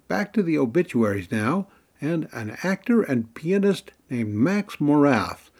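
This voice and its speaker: A man's voice: mid-range voice, darkish tone, husky. A man hosting a music radio show, chatty and playfully building suspense before each record. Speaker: radio host.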